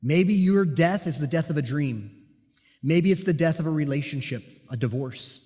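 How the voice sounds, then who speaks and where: A man preaching a sermon, telling a personal police story with lively, self-deprecating humor. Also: a little high, moderate pace, slightly rough. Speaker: pastor and police officer. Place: church sanctuary. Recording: long hall reverb.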